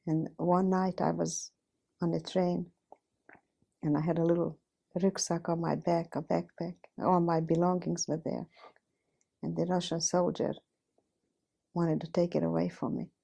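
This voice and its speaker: A woman's voice: fairly low pitch, little pitch movement, unhurried, creaky, long pauses, mellow. A woman in her fifties from Hungary, telling her life story in a plain, direct way and often repeating "I says". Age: 50s. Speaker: Holocaust survivor giving testimony. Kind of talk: recounting personal testimony.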